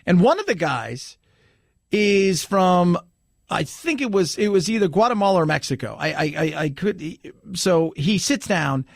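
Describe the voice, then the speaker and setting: A man's voice: sits high, sing-song, unhurried, vocal fry, no room sound, studio quality. An American man hosting a talk radio show, telling a rambling story with many restarts. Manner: chatty storyteller, lots of restarts and "he goes".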